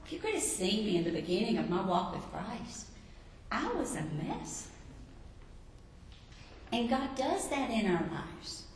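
A woman's voice: a little high, big pitch swings, a little slow, pauses often, a little hiss or hum. A woman teaching a sermon, telling Bible stories and asking the listeners questions. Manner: warm storytelling, asks the listeners questions. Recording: echoey hall with long reverb.

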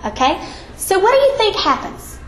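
A woman teaching a women's Bible study, telling the story with animated flair and then leading a prayer in a church room. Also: very high-pitched, normal speed. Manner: animated storytelling, acts out quoted voices. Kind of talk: Bible lesson and closing prayer. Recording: echoey room with faint background noise.

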